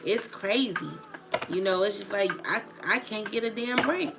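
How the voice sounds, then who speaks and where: Over background music, a tarot channel livestreamer with a medium-pitched voice and vocal fry speaks at a moderate pace. Her emotional rant is agitated and full of profane casual slang, and she keeps asking "you know what I'm saying."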